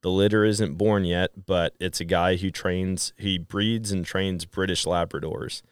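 A middle-aged man from Wisconsin, a podcast guest who tells stories in a casual, animated way and acts out quoted dialogue. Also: low-pitched, measured pace, clean tone, dry recording. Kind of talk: casual storytelling chat.

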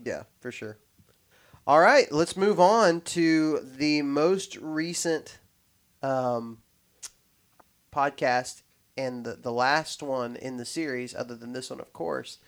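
A man's voice: medium pitch, slow pace. Rambling man hosting a podcast. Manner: rambling, animated storytelling with many restarts and quoted dialogue. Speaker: podcast host. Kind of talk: casual podcast chat.

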